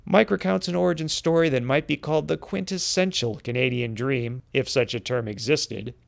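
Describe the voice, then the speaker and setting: A man co-hosting a podcast, reading a scripted segment with deadpan, wry delivery. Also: medium pitch, moderate pace, creaky. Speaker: podcast co-host.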